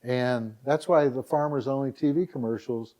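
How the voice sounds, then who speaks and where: This man, a dating site founder interviewed on a podcast, speaks at a moderate pace with a medium-pitched voice. His storytelling is casual yet lively, and he performs quotations in a louder voice.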